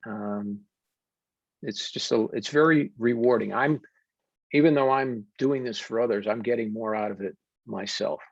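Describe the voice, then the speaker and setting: A man's voice: medium pitch, gravelly, no room sound. Earnest American man, dull dry audio. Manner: warm, deliberate storytelling with frequent fillers. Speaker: wellness coach and podcast guest. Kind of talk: earnest conversational interview.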